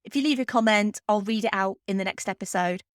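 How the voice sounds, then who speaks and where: A woman hosting a film podcast, talking in an earnest, heartfelt way with pauses while close to tears. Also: medium pitch, no echo. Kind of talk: heartfelt spoken podcast tribute.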